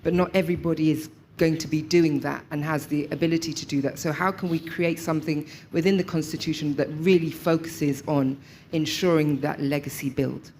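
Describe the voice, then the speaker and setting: A woman's voice: sits low, steady tone, brisk, a little mellow, a little hiss or hum. A woman from London, a broadcaster, making an articulate contribution at a public meeting. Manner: articulate, laughs easily. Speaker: audience member, broadcaster.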